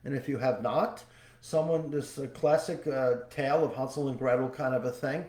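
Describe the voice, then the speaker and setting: Man, podcast host, spiritual talk, folksy storytelling, repeats phrases, warm tone, roomy echo. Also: mid-range voice, steady tone, normal speed. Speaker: podcast host and psychic medium. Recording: echoey room.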